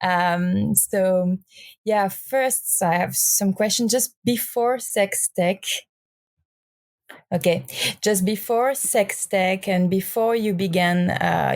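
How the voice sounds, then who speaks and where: A woman with a French accent hosting a podcast interview, asking her questions hesitantly with many pauses and restarts. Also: medium pitch, a little mellow, dry recording. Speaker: podcast host.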